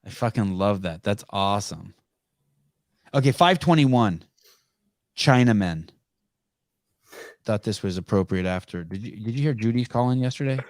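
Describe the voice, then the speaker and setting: A man's voice: lowish voice, lively intonation, normal speed, long pauses, no echo, studio quality. A man hosting a podcast in casual chat, blunt and swearing freely. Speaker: podcast host.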